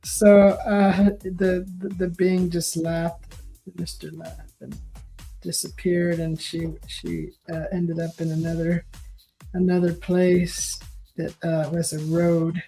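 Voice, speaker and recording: A woman hosting a painting session, casually retelling a story in a halting way, with many restarts and fillers. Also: on the low side, level tone, warm tone, faint music behind, poor audio. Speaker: painting host.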